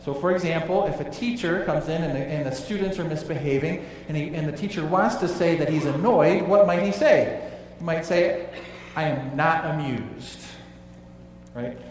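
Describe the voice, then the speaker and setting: Pastor preaching in an echoey hall. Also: male voice, a little fast, hardly any pauses, distant mic, slight background noise. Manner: emphatic, drops low and quiet on key phrases. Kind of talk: sermon.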